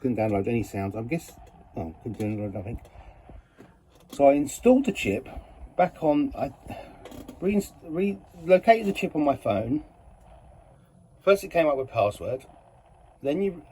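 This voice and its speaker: A man chats casually through a long, meandering story, stopping often to correct himself. His voice is soft and mellow, with a faint hiss behind it. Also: mid-range voice, expressive, normal speed, long pauses. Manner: chatty, meandering, self-correcting. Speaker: model railway hobbyist vlogger.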